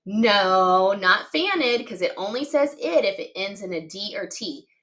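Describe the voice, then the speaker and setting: A woman with a mid-range, slightly bright, animated voice teaches young children phonics at a measured pace. She slowly and clearly sounds out letters and words one by one, patiently encouraging her listeners.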